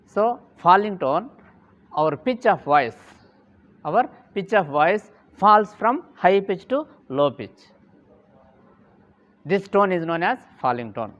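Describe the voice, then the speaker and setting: A man giving a lesson, speaking deliberately, repeating key terms and saying "okay" often. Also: sits high, very animated, fairly bright tone, dull audio. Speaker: English teacher. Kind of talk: classroom lecture.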